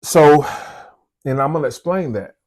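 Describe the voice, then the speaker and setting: A man's voice: fairly high pitch, normal speed, a little mellow. A man with a Southern US accent, a police officer hosting his own channel, talking casually and folksy to the camera. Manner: folksy, conversational, repeats points.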